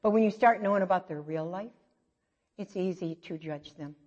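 A middle-aged woman preaches in a chatty, self-mocking way, with stories and quick asides. Her voice sits at an ordinary pitch for a woman. The recording is dull and lo-fi, with a long echo from a big hall. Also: a little mellow. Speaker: church speaker. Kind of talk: conversational sermon.

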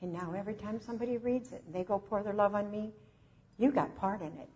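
A woman preacher voicing Jesus as a joyful man overwhelmed with love, in high, emotional exclamations, on a dull lo-fi recording. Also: fast, darkish tone, slight background noise, lightly acted. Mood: tender.

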